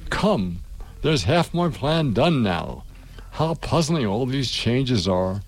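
A man's voice: mid-range voice, big pitch swings, slow, exaggerated voice. A man reading a storybook aloud on radio, speaking a polite little girl's lines in an earnest, hesitant way. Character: polite, puzzled little girl.

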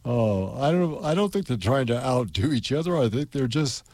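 A man's voice: medium pitch, animated, darkish tone, no room sound. A man hosting a radio show, narrating a children's classic and chatting loosely between pieces with many fillers. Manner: unhurried, folksy, with fillers. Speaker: radio host and reader. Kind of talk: storybook narration and radio chat.

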